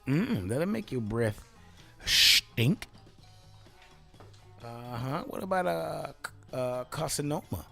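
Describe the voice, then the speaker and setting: A male show host talking in a loose, self-amused way, with a lively pitch that jumps around. He tends to joke and laugh at his own lines while explaining things. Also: slow pace, gravelly, long pauses, soft background music. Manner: playful, self-amused riffing. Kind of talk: casual solo talk show.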